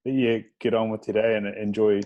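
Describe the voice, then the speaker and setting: A man's voice: fairly low pitch, flat delivery, brisk, narrow, tinny audio. A man hosting a podcast interview, easygoing and brief in his replies. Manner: brief, easygoing, says "mate". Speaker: podcast host. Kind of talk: casual interview chat.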